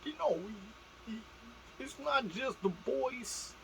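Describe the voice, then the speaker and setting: A man talking in a put-on squeaky, high-pitched voice, rambling and stammering. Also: lively intonation, takes it slowly, gravelly, fairly bright tone, a little hiss or hum, exaggerated voice, poor audio. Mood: ranting.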